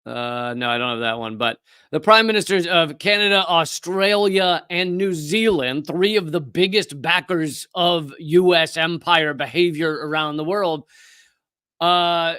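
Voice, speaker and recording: A man's voice: a little high, pushed and bright, clean tone, no room sound. Impassioned man on a live stream. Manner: impassioned, fast, with restarts and profanity. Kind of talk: political commentary live stream.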